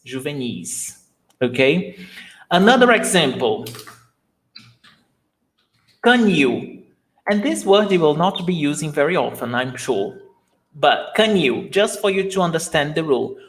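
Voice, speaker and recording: A man whose first language is Portuguese, teaching a live online lesson and patiently repeating words slowly for his learners. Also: on the high side.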